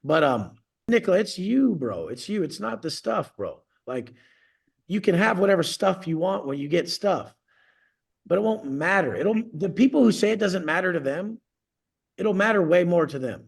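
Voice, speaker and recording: A man's voice: sits high, very animated, moderate pace, gravelly, breathy edge. A man coaching clients on a video call, ranting bluntly and profanely, boasting as he goes.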